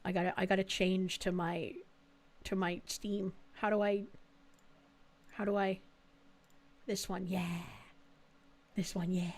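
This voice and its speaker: A woman streaming a game live, reacting in an excitable, exclaiming way and swearing freely. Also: mid-range voice, slow, long pauses.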